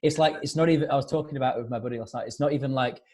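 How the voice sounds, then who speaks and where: A man's voice: mid-range voice, rapid-fire, darkish tone. A man with an English accent, chatting as a guest musician on a video call, rambling and laid-back, cursing freely. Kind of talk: casual chat.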